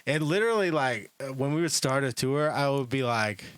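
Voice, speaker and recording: A man hosting a podcast, telling a rambling story in casual chat, often dropping into a quieter mutter. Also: mid-range voice, expressive, fairly quick, smooth, no room sound. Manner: rambling, many "like" fillers, drops to a mutter. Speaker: podcast host, comedian.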